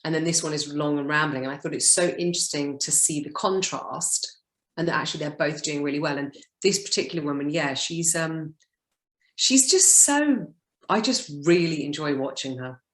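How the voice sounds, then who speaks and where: Low-voiced woman in an echoey room. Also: moderate pace. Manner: hesitant, with many fillers. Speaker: coaching client. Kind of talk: casual chat.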